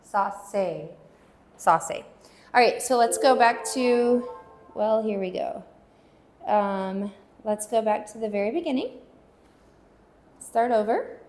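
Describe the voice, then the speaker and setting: A woman teaching a language lesson, patiently repeating words slowly so learners can follow. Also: on the high side, darkish tone. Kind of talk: slow pronunciation lesson.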